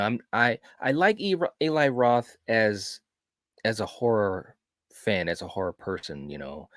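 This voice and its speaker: A man's voice: low voice, no echo, studio quality. A man who is a guest on a live watch-party, chatting casually about movies with a lot of restarts. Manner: halting, many restarts and filler words. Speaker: guest co-host.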